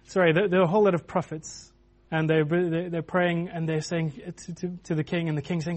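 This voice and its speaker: A man's voice: high voice, steady tone, a little fast, hardly any pauses. A man preaching a sermon in a loose, conversational way, with many restarts and filler words.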